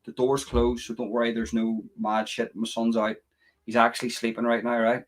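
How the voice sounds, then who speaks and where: A man with an Irish accent, a little drunk, hosting a casual live stream from home with profane rants. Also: mid-range voice. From Ireland. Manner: profane, ranting and mocking. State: a bit drunk. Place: room at home.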